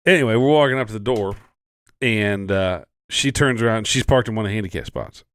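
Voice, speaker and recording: A man's voice: lowish voice, brisk, clean tone, no room sound. A man in his forties co-hosting a podcast, telling a story in casual, profane chat. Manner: profane storytelling, animated when quoting. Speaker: podcast co-host.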